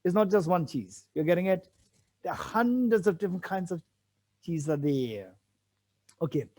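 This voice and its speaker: Speaking at a moderate pace, a man with a high-sitting, slightly mellow voice and lively intonation patiently explains a sutra commentary. Key phrases come back again and again, along with rhetorical questions.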